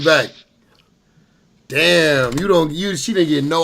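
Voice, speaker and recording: A man's voice: on the high side, unhurried, gravelly, a bit bright. A man joking loosely as he reacts to a clip and talks to his chat. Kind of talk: casual reaction commentary.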